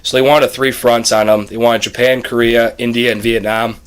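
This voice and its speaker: Young male co-host, relaxed chat, long explanations, average pitch. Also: clear, resonant tone. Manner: talkative, quick restarts, explains at length. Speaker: podcast co-host. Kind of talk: casual chat.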